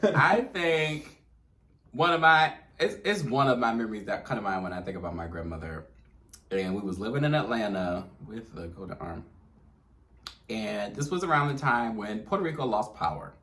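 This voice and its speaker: Speaking at a moderate speed in a fairly low voice, this podcast host tells stories in a lively, casual chat and breaks into laughter frequently.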